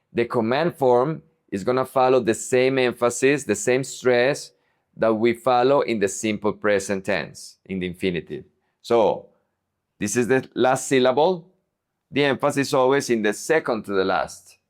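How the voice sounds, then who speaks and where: A male teacher giving a language lesson at a slow, unhurried pace. He says each example word deliberately and repeats it so learners can follow, with a voice pitched in the ordinary middle range for a man. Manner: slow, deliberate modeling of words. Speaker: Spanish teacher.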